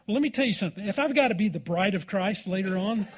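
A man's voice: high voice, lively intonation, quick pace, background noise. A man pastor preaching a sermon in a church, in a folksy, informal way and calling out for "amen" from the congregation.

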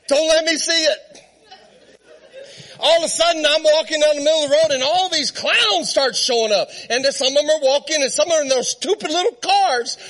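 A man preaching a sermon, telling a comic story in an animated way and laughing as he talks. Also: extremely high pitch, fairly quick, a faint crowd.

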